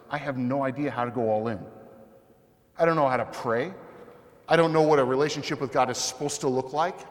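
A man giving a personal testimony talk as a Catholic speaker, telling his story with animated, self-deprecating humor. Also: a little high. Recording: long hall reverb.

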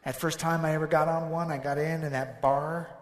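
A man with a high voice preaching in an animated, storytelling way. His voice rings through a roomy hall and trails off in a long reverb. He slips into playing out conversations as he goes. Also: a little fast. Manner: animated, acts out both sides of dialogues. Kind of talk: sermon storytelling.

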